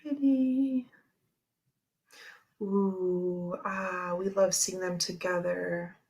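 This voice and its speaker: A woman's voice: fairly low pitch, steady tone, very slow, darkish tone, highs cut off. A woman hosting a tarot livestream, chatting casually and rambling with frequent laughs while she handles cards.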